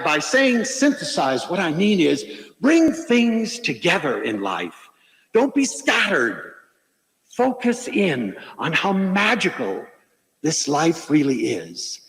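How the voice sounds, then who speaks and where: A man's voice: sits high, slow, gravelly. An older man giving a humorous, inspirational lecture, telling stories with playful asides. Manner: animated storytelling with playful asides. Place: lecture hall. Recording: hall reverb from a lecture stage.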